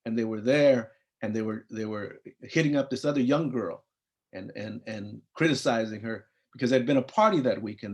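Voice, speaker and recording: Man in his fifties, from california, earnest storyteller, middle-pitched voice. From US (Compton, California). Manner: earnest storytelling, acts out quoted dialogue. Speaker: psychologist and program founder. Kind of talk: personal story at a panel briefing.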